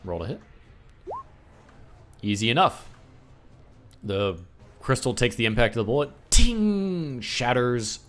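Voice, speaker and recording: A man's voice: on the low side, measured pace, pauses often, fairly bright tone, a little hiss or hum. A man running a tabletop game as game master, narrating scenes with spoken sound effects over an online voice chat mic.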